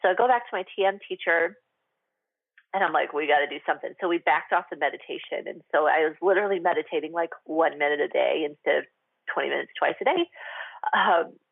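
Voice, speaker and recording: Hosting a radio show, a woman talks candidly to her listeners in a low, gravelly voice at a fairly quick clip, chatty and confessional and full of "like" and "um." The sound is tinny and dry, like a phone line, with no room echo.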